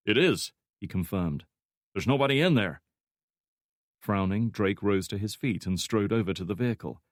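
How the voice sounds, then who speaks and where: A man narrating a thriller audiobook in a measured, even storytelling manner. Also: sits low, no echo, studio quality. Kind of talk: scripted narration.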